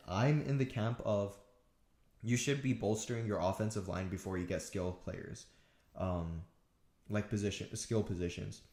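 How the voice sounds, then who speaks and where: A man's voice: fairly low pitch, a little mellow, reverberant. A man talking through football draft picks alone, casual and thinking aloud with frequent restarts. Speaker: sports commentator. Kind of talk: solo draft analysis talk.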